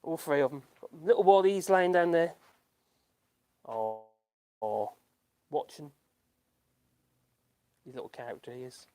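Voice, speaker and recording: A man's voice: a little high, expressive, a little slow, long pauses, warm tone. A man from the United Kingdom, hosting a casual live-stream chat and reading out viewer comments. He rambles in a self-deprecating way, chuckles often and restarts his sentences a lot. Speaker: YouTube channel host. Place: at home in rural France.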